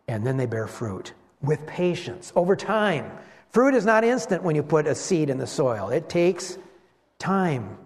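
A man preaching a sermon as pastor, animated and slowing down to stress key words. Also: high voice. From West Michigan. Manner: animated preaching, slows for emphasis. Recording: long hall reverb.

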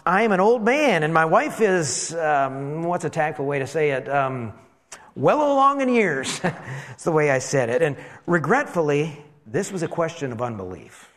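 A preacher telling a dramatic first-person sermon as an elderly priest who talks with exclamations and wry asides about himself. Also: male voice, fairly high pitch, normal speed, long reverb tail, natural voice. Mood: rueful. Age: older. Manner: animated, exclaiming, self-deprecating asides. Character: elderly male priest, amazed and rueful.

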